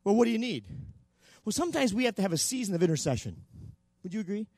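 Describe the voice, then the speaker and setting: A man preaching a sermon in a church, impassioned and shouting at the peaks. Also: sits high, very animated, fast talker, no room sound. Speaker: pastor.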